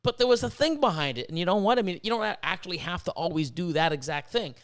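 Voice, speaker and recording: A man hosting a podcast, chatting casually in a rambling, profane and animated way. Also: sits high, fast talker. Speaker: podcast host.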